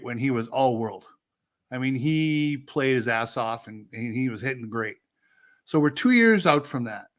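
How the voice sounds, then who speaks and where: A man's voice: a little high, a bit bright. A man co-hosting a sports podcast, thinking aloud and asking questions in a casual way. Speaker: podcast co-host.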